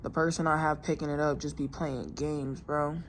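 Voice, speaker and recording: A woman's voice: sits low, level tone, normal speed, slight background noise. A young woman chatting casually at home in a vlog, rambling and venting in loose slang. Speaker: vlogger.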